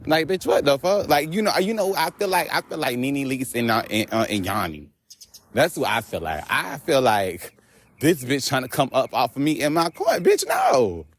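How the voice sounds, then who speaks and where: Profane, animated man ranting on a walk. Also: medium pitch, moderate pace. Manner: animated, profane, laughing asides. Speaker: vlogger. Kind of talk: casual storytelling rant. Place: outdoors on a walk.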